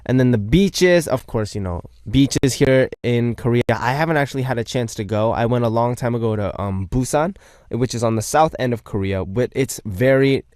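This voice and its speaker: A man's voice: medium pitch, moderate pace, a little mellow, no echo, studio quality. A young man hosting a radio show, reading out listener messages in a playful, chatty way and joking about himself.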